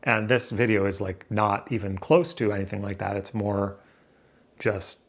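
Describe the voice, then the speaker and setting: A man's voice: lowish voice, fairly even intonation, moderate pace. A man sitting at home talking to his camera in a rambling, self-mocking solo vlog, swearing casually. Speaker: vlogger. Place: room indoors near a window. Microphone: camera in front of him, seated.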